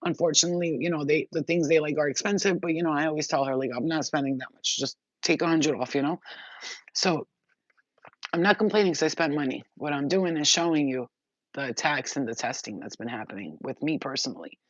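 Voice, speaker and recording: A woman's voice: low voice, brisk, dry recording. Woman rambling emphatically over a dull recording. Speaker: spiritual reader. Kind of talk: casual spoken monologue. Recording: dull, slightly muffled sound.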